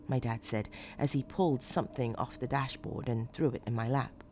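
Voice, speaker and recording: A woman reading a horror story as scripted narration, measured and low-key with dramatic emphasis. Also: steady tone, a little mellow, a little hiss or hum.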